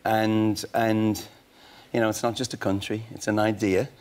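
A man's voice: lowish voice, little pitch movement, normal speed, darkish tone, clear, resonant tone. Irish man guest on a talk show, fifties, earnest, reflective, in a TV studio. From Ireland. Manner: earnest, reflective, speaks in sweeping ideas. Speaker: musician guest. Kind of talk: casual talk show chat.

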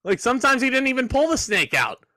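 A man's voice: extremely high pitch, big pitch swings, fast, sharp tone, no echo. A man co-hosting a podcast in casual chat, talking emphatically and laughing often. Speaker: podcast co-host.

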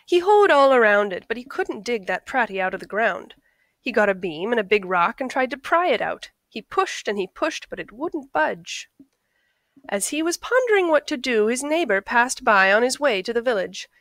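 A woman reading a picture book aloud in a friendly, expressive storytelling voice. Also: on the high side, normal speed, no room sound. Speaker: storybook reader.

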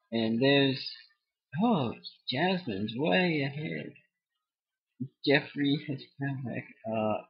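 A man's voice: medium pitch, husky. A young man casually commenting on an online board game, goofy and giggly, breaking into silly made-up songs. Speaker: gameplay commentator. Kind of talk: casual let's-play commentary. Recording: dull lo-fi home recording.

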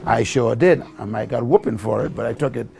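A Bahamian man with a Bahamian accent appears as a talk-show guest, recounting his life story and building toward preacherly exhortation. His mid-range voice is fairly quick, creaky, and a little mellow, with soft music playing in the background.

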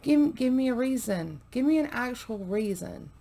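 A woman's voice: a little high, lively intonation, moderate pace, creaky, warm tone. A woman hosting a reaction video, chatting casually to viewers, with many fillers, sometimes dropping to a murmur.

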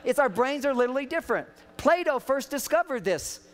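A man's voice: extremely high pitch, big pitch swings, brisk. A man giving a humorous seminar talk on an outdoor stage, playfully acting out the voices he quotes. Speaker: seminar speaker. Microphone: microphone catching wind.

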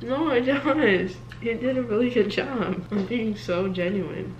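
A woman's voice: a little high, measured pace, roomy sound, distant mic, dull audio, slight background noise. A young woman chatting casually on a home vlog, laid-back and slangy, laughing often. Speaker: vlogger.

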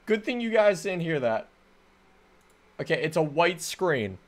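A young man doing let's play commentary, hyper and rambling, joking around and breaking into sudden loud outbursts. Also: a little high, very animated, a little slow. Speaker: gaming commentator. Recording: faint game music behind.

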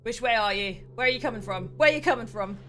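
A young British woman hosting a casual gameplay livestream, excitable, chatty and quick to mock herself. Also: on the high side, a little hiss or hum. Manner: excitable, chatty, self-mocking. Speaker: streamer host.

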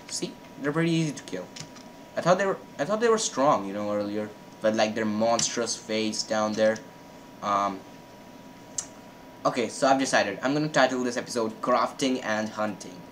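A man giving casual commentary on his own gameplay, chatty and repeating words in quick bursts. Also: fairly low pitch, a little hiss or hum, low-quality recording. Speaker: gaming channel host.

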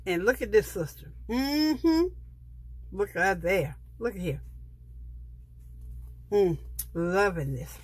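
A middle-aged woman talks her viewers through a sticker book. Her voice is soft and a little husky, and she speaks in an unhurried, chatty way. She gushes over each page. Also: lowish voice. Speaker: planner vlogger. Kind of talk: casual show-and-tell of a sticker book.

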